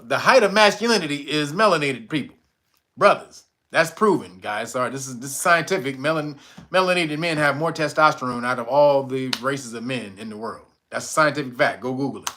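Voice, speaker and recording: A man hosting a casual livestream, reading viewer comments and reacting loudly with profanity and frequent laughter. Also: mid-range voice. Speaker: livestream host reading chat.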